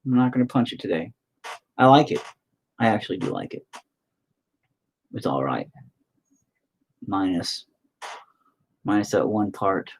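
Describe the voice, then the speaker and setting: A man's voice: fairly low pitch, very animated, measured pace, pauses often, breathy edge. A man chatting casually while he paints, rambling, swearing often and talking to himself. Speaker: painting streamer.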